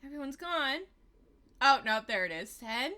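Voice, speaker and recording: Woman gaming streamer, bright, higher voice, sarcastic and swears, snacking. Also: very animated, measured pace. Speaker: livestreamer. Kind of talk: gameplay livestream commentary.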